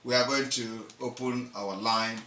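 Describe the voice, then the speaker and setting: A man comments forcefully. His voice has a bright edge. He sits back from the mic in a roomy, echoing space. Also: mid-range voice, fairly even intonation, measured pace, distant mic. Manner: emphatic, repetitive, swings between loud and soft. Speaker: host of an online live show. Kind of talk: impassioned live commentary.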